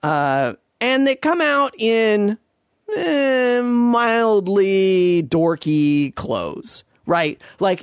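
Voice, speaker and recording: A man rants his way through a casual monologue, sarcastic and profane, circling back on himself as he goes. His voice sits high for a man. The recording is dry, with no room sound. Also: no room sound.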